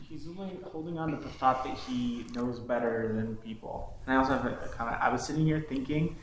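A man's voice: medium pitch, a little fast. Male student, reflective, thinking aloud; very roomy recording with audible noise. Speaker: student in a discussion. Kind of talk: casual class discussion.

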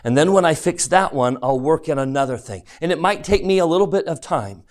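A religion teacher, a man with a slightly high voice, leads a scripture lesson in class. He's emphatic and animated, quizzing his students and reading the verses slowly and deliberately.

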